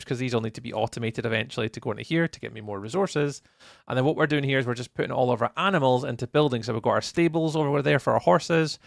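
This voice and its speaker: A man's voice: medium pitch, gravelly, a bit bright, dry recording, studio quality. A Scottish man chatting casually with viewers while commentating a live game stream. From Scotland. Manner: friendly, chatty, greets viewers by name.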